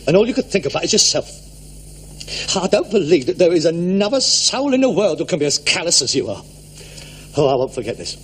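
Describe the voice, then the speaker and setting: An actor playing a theatrical, wounded hypochondriac son in a 1960s sitcom. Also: male voice, on the high side, very animated, brisk, a bit bright, slight background noise. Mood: melodramatic. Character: melodramatic hypochondriac adult son.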